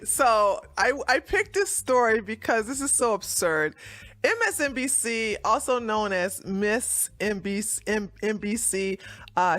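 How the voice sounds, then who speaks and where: A woman's voice: mid-range voice, fairly bright tone, no room sound. A woman hosting her own commentary show, talking casually in a sarcastic, mocking way and laughing often. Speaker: political commentary host.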